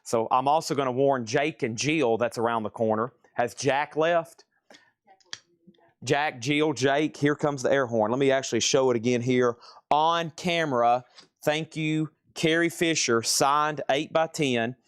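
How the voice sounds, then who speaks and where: Energetic man rattling off auction bids. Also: mid-range voice, unhurried, clean tone, no room sound, clean studio sound. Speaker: host selling records in a live online sale. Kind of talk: live sales stream patter. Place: indoor room full of record crates.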